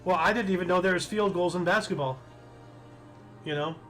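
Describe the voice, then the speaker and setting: A man's voice: sits high, brisk, pushed and bright, soft background music, rough recording. A young man co-hosting a history podcast, reading dates with small stumbles and joking casually. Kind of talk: casual chat.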